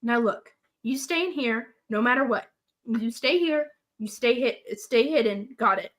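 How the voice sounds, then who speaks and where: A woman reading the part of a bossy, protective male pilot in a comic script read-through, her voice pitched a little low. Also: unhurried, lightly acted. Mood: urgent.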